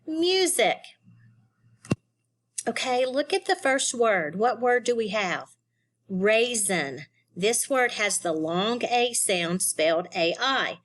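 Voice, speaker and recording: A woman leads a recorded phonics lesson for young students. She talks at a slow, careful pace and breaks each word into syllables and single letters. Her voice sits in a middle pitch. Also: fairly bright tone. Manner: slow, deliberate, spells words letter by letter. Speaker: teacher.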